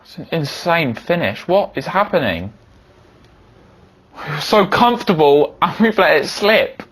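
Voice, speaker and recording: A young man giving excitable commentary over a football video game, yelling when goals go in. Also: on the high side, unhurried, husky. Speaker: gaming YouTuber.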